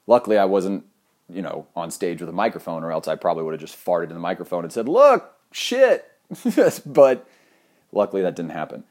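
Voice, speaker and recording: A young man with a fairly low voice tells a comic story from his own life. He swears freely and pokes fun at himself, his delivery lively and loose. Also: rapid-fire. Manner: animated, profane, self-mocking, laughs often. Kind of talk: comedic personal anecdote.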